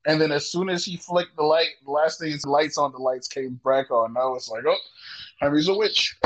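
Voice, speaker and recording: A playful young man with a somewhat high voice tells stories in a relaxed podcast chat. His manner is goofy and easygoing. The recording sounds a bit muffled and lo-fi. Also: fairly quick. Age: young adult. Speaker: podcast co-host.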